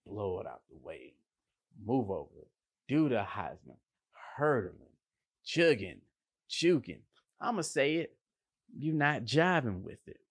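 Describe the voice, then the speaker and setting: A man, a line cook, giving a casual motivational monologue, animated and slangy, with playful emphasis and vocal sound effects. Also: a little high, no echo, clean studio sound.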